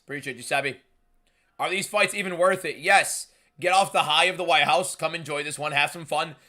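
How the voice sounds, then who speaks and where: Young male host of a live fight stream, slightly high voice, rapid-fire, pushes every line hard. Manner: emphatic and shouty, reading viewer messages aloud.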